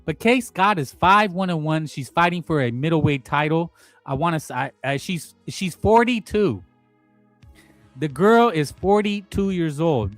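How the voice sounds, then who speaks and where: A man's voice: fairly high pitch, a bit bright. Rambling, blunt man hosting a boxing livestream. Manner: rambling, blunt, crude, with many restarts. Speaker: boxing talk show host. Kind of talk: casual livestream commentary.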